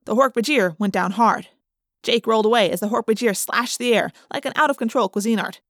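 A woman reads an adventure story aloud in the first person, with dramatic, expressive delivery. Her voice sits a little high. The recording is dry and close. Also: fairly quick, no room sound. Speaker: audiobook narrator.

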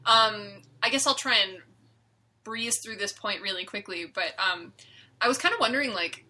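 A young woman co-hosting a podcast, chatting in a rambling, animated way. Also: medium pitch. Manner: rambling, animated, quick to laugh. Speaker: podcast co-host. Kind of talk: casual chat.

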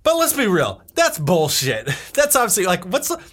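A man's voice: sits high, huge pitch swings, normal speed, fairly bright tone. A man co-hosting a casual podcast chat, joking around, swearing and laughing often. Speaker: podcast co-host.

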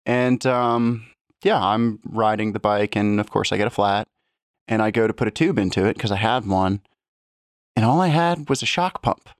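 A man's voice: on the low side, moderate pace, no echo, clean studio sound. A man chatting casually and easily on a podcast, laughing at his own stories. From lives in Colorado. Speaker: podcast guest. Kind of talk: casual chat.

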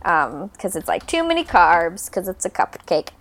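A woman's voice: fairly low pitch, very animated, normal speed, slight background noise. A young woman chatting through a movie recap on a podcast, loose and rambling. She fills gaps with ums and swears casually while acting out lines. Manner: rambling, many ums, swears freely, mock voices for characters. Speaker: podcast co-host.

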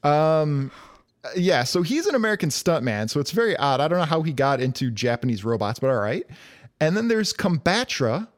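A man's voice: on the high side, sing-song, normal speed. Wry man chatting on a podcast. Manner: wry, joking asides. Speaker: podcast co-host. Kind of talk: casual comic-book podcast chat.

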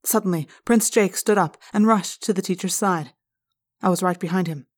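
Woman, narrator, audiobook read-aloud, expressive, hotel room. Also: fairly low pitch, normal speed.

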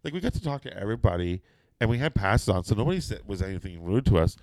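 A middle-aged man with a lowish voice tells a long, profane anecdote in casual conversation, talking fast and acting out the people in it with quoted voices. The recording is studio quality with no echo.

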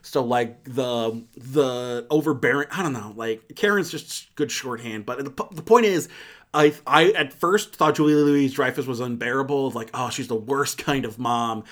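A man's voice: mid-range voice, moderate pace, a bit bright. A man hosting a casual movie review chat, rambling and cutting himself off mid-sentence. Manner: rambling, self-interrupting, laughs easily.

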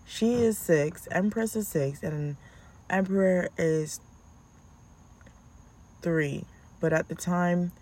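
Slow-talking mother telling stories. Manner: animated, acts out her own yelling in a high voice. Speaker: vlogger, mother of two. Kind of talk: casual storytelling vlog.

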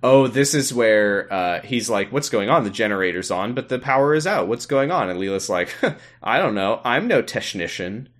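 A man's voice: on the low side, moderate pace. A man co-hosting a podcast, casually recapping an episode and laughing as he acts out the characters. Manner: laughing, animated retelling with quoted voices. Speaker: podcast co-host.

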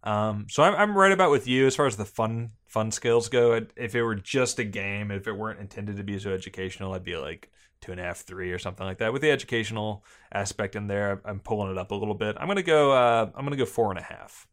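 A young adult man with a lowish voice co-hosts a casual board game podcast. He talks in a measured, hedging way and often restarts his sentences. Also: fairly bright tone. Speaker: podcast co-host reviewing board games. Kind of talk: casual chat.

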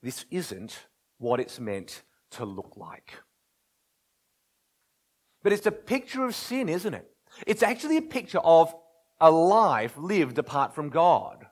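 A man preaching with real passion, his fairly high voice rising and falling in a lively way. He drops to near whispers, then swells back into urgent pleading. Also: takes it slowly, pauses often, slightly rough. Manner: impassioned, swings from loud pleading to hushed near-whispers. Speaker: pastor. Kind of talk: sermon.

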